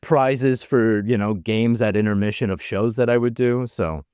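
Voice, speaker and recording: A man's voice: mid-range voice, moderate pace, clean tone, dry recording, studio quality. A man chatting as a podcast guest, telling a story and acting out the voices of the people in it, with loose, filler-heavy phrasing. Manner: animated storyteller, acts out quoted voices. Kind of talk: casual chat.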